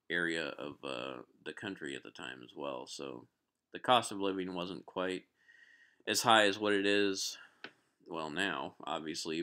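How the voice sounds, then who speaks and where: A man's voice: low voice, bright, forceful tone. A man telling a rambling personal story on a live stream, with many restarts. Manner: rambling, lots of fillers and restarts, clears his throat. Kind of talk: casual storytelling.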